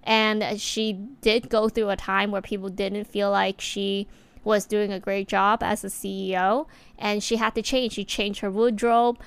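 Woman rambling thoughtfully to camera, lots of likes, mid pitch, crisp voice. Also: flat delivery, a little slow, no room sound. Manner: reflective, chatty, many filler words. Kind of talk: casual talking-to-camera monologue.

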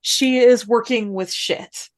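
A woman's voice: a little high, slow pace. A woman co-hosting a casual movie podcast, giving dry, matter-of-fact remarks. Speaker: podcast co-host. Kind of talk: casual movie recap chat.

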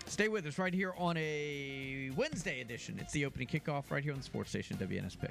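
A man's voice: on the high side, expressive, a little fast, gravelly, few pauses, over music. A man co-hosting a sports radio show, teasing and playful as he runs segments.

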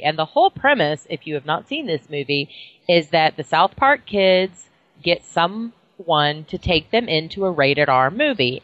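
A woman's voice: deep voice, fairly bright tone, no echo, lo-fi sound. A middle-aged woman co-hosting a podcast over a video call, chatting casually and bluntly, swearing freely. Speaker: podcast co-host. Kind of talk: casual chat.

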